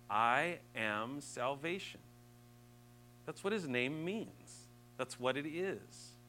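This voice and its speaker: A man preaching a sermon, earnest, rising to emphatic peaks and dropping soft and slow. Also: medium pitch, a little hiss or hum, rough recording.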